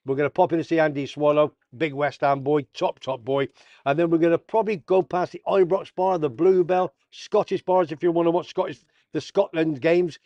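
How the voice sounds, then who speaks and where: A man's voice: a little high, fairly even intonation, fairly quick, dark tone, dry recording, dull audio. A man hosting a casual sports roundup vlog, full of jokey banter and slang. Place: south of Tenerife.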